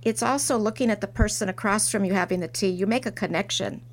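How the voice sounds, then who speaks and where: A middle-aged woman, a porcelain artist, telling a reflective story in an interview with soft restarts. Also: medium pitch, fast talker. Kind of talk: interview conversation.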